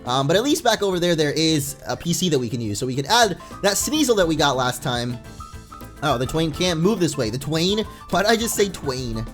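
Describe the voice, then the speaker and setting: A young man giving casual, rambling commentary while playing a video game. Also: a little high. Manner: chatty, rambling, reads game text aloud. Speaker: let's play gamer. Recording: faint game music behind.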